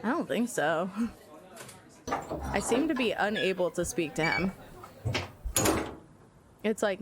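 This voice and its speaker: A woman's voice: medium pitch, expressive, slow, long pauses, noisy background. An American woman streaming a game, laughing constantly and swearing as she comments. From United States. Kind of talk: live gameplay commentary.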